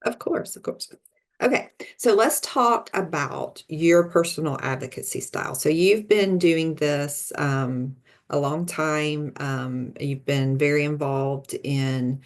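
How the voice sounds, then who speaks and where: A woman moderating an interview, asking measured questions with frequent pauses. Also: deep voice.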